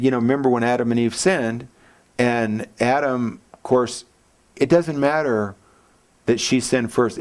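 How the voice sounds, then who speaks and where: A man preaching a church sermon as pastor, casual and joking, acting out quotes in lively voices. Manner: animated, jokey, acts out quotes with big pitch jumps.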